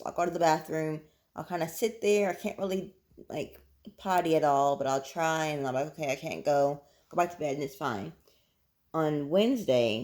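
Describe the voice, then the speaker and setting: Casual vlogger: woman in her twenties, low voice, tired, candid and chatty, dry close recording. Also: darkish tone, no echo, rough recording. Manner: chatty and candid, with frequent fillers. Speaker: vlogger and teacher. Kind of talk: casual vlog chat.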